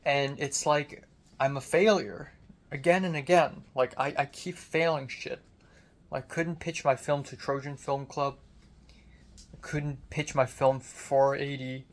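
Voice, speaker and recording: A young man, a college student, in a casual video diary, his voice deep and strained after screaming, frustrated and self-critical, swearing often. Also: fairly even intonation, measured pace. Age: young adult.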